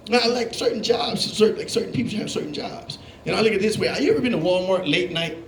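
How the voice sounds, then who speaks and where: A man doing a stand-up comedy set, telling animated stories and acting out the voices of the people in them. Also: high-pitched, quick pace, crowd noise. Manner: animated storytelling, acting out voices, laughing along. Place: comedy club stage. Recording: roomy club with live audience. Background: audience laughing.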